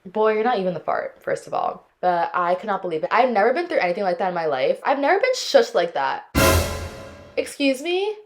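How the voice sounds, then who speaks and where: A woman's voice: medium pitch, fast talker, few pauses, soft background music. A young woman in her twenties hosting a podcast, telling dating stories in casual chat and dramatically acting out the people in them. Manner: expressive, dramatic, acts out quotes. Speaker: podcast host.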